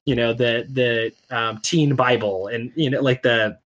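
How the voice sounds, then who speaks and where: A man's voice: mid-range voice, steady tone, unhurried, fairly bright tone. A man co-hosting a podcast, explaining at length in casual chat, with many "like"s and "right?"s. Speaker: podcast co-host. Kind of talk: casual chat about comics and games.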